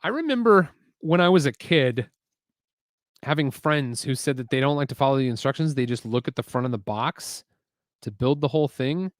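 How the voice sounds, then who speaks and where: Male streamer host, casual and chatty, mid-pitched voice, dry close sound. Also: animated, moderate pace, dry recording. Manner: chatty, muses aloud, reads chat messages. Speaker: LEGO building livestream host. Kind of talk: casual livestream chat while building. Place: home garage.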